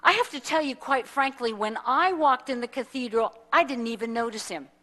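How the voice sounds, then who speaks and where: Woman minister, somewhat high voice, animated sermon storytelling that acts out the people in it, church setting. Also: moderate pace. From United States. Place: church sanctuary.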